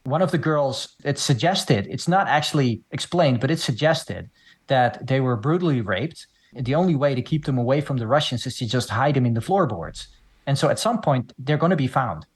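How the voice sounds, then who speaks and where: A man hosting a casual film podcast, explaining the plot in long, steady runs. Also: medium pitch, normal speed, slightly rough. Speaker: podcast host.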